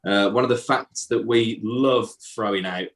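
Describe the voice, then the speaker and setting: A man in his late twenties with a Birmingham accent, doing a stand-up set in a flat, deadpan, bleak-sounding voice. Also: on the low side, normal speed. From England. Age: late 20s. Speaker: stand-up comedian. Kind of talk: stand-up set on a video call.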